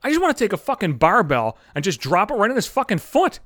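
A man in his thirties hosting a solo podcast, ranting with constant swearing in an animated, irritated way. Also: high voice, quick pace, dry recording, studio quality. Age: 30s. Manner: foul-mouthed, animated ranting. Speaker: podcast host. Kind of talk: profane solo podcast rant.

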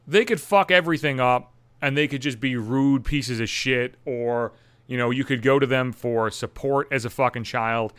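A man's voice: medium pitch, a bit bright, clean tone, no echo. A young man hosting a solo podcast, ranting bitterly and sarcastically with heavy swearing. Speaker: podcast host.

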